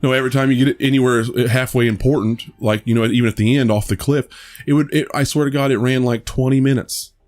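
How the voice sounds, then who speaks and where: A man's voice: mid-range voice, fairly even intonation, fast, a little mellow. A man co-hosting a podcast, chatting casually about a movie, rambling with many restarts and some swearing. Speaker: podcast co-host. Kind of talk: casual movie review chat.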